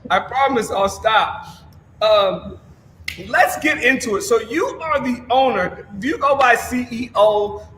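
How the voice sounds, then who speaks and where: A man hosting a livestream show in a loud, upbeat, slangy way, often yelling. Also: very high voice, a little slow, a little hiss or hum. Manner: energetic, yells a lot, slangy. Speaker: show host. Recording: echoey room with a long reverb.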